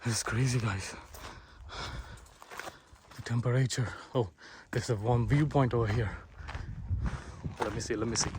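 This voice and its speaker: A man's voice: mid-range voice, unhurried, long pauses. Breathless young man vlogging outdoors. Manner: excited, chatty, addresses viewers as guys. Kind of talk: casual trekking vlog. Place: outdoors on a hilltop fort. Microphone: handheld phone. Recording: noisy outdoor phone recording.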